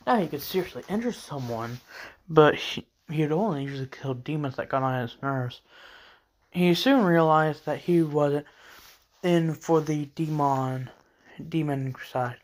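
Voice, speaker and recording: A man's voice: fairly high pitch, a little slow. A man casually narrating character lore for his own video, rambling and hesitant with many fillers. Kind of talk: casual lore talk over a speedpaint.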